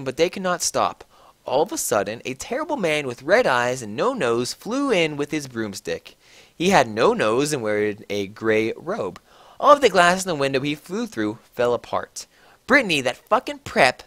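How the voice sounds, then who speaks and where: Mocking man with a lively voice. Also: a little high, no room sound. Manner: mocking, exaggerated, swears freely. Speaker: reader. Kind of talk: comedic dramatic reading of fan fiction.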